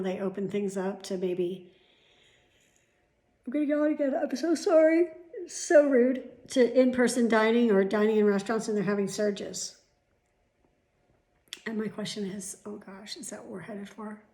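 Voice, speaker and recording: A middle-aged woman talks to her camera at home in a loose, rambling way, drifting from one aside to the next and swearing now and then. Her voice sits at an ordinary, middling pitch. The room around her sounds echoey. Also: fairly even intonation, normal speed, darkish tone. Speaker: vlogger. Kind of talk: casual chat to camera.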